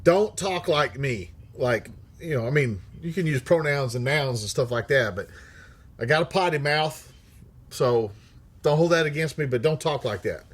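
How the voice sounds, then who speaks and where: A middle-aged man with a husky voice runs a casual livestream and reads out viewer comments. His delivery is blunt and full of profanity, and he laughs often. His pitch sits fairly high and swings widely as he talks. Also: lively intonation, moderate pace. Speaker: livestream host.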